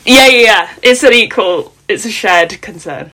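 A woman in casual podcast chat, laughing easily and telling jokey stories. Her voice sits in a middling pitch for a woman, relaxed and conversational. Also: unhurried, poor audio. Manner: animated, laughs often, jokey storytelling. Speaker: podcast co-host.

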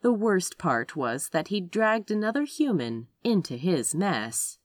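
Woman narrator, low voice, very lively pitch, dry close sound, expressive story reading. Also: a little slow, dry recording. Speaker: audiobook narrator. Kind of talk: reading a romance story aloud.

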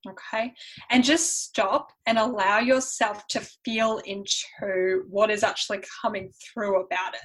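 A woman's voice: medium pitch, steady tone, a little slow, a bit bright, slightly rough, poor audio. An Australian woman with a faint European tinge, a podcast guest and mentor speaking earnestly with frequent "um" fillers. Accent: Australian with a slight European tinge. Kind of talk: conversational podcast interview.

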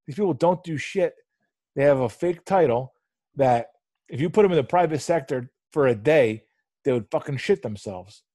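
American guy on a podcast, husky voice, dry sound, cursing bluntly. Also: fairly high pitch, animated, normal speed, mellow, no echo. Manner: profane, blunt. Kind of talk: casual chat.

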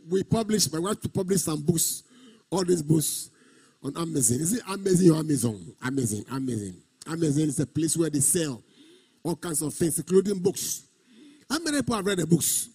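A man's voice: a little high, animated, warm tone, breathy edge. A male pastor delivering a sermon, stretching and half-singing key words and repeating phrases for emphasis. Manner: preaching with sung, drawn-out emphasis and repetition.

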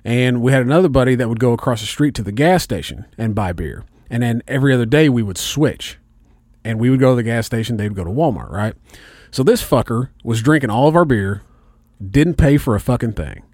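A man's voice: mid-range voice, fairly quick, no room sound. A man telling a story in loose, casual chat, swearing freely as he goes. His voice sits in a middling range and comes through close and dry, with no room sound around it. He is from Indiana. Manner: profane, animated storyteller.

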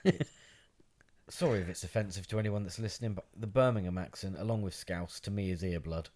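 A man's voice: low-pitched, brisk, a little mellow. A young English man co-hosting a casual podcast, teasing and swearing freely in banter. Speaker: podcast co-host.

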